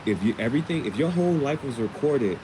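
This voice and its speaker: A man's voice: mid-range voice, expressive, fast, noisy background. A man casually recapping a TV episode in slangy, rambling speech with many restarts. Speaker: vlogger.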